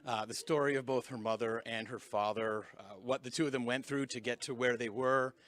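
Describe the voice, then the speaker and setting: A man audience member calmly recounting a talk he saw, with some hesitant fillers. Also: mid-range voice, a little fast. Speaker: audience member giving a testimonial.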